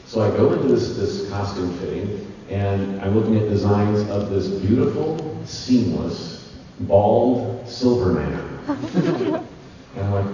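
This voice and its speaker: A man telling stories as a convention panel guest, animated and laughing often, acting out the voices of the people he quotes. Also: lowish voice, takes it slowly, slight background noise. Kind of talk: anecdotal storytelling. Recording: echoey dull hall sound from far off.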